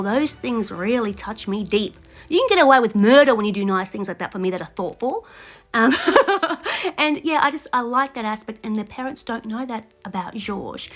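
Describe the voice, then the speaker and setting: A woman talks straight to camera about a reality show she just watched, opinionated and chatty, laughing often and voicing what she would say in someone's place. Her voice sits a little high, with soft music in the background. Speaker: reality TV reaction vlogger. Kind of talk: casual reaction commentary to camera.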